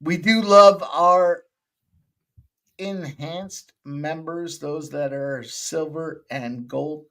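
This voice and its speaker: Male live-stream host, high voice, unhurried, profane and joking. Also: fairly even intonation. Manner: loud, joking, profane banter. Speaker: betting show host. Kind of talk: casual live-stream chat.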